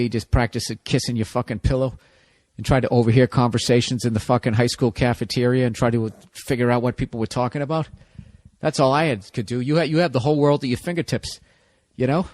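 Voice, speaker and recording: A man in his forties from the United States, hosting a solo comedy podcast and ranting in a rambling, profane way. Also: medium pitch. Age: 40s. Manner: talks back to himself and his dog. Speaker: podcast host.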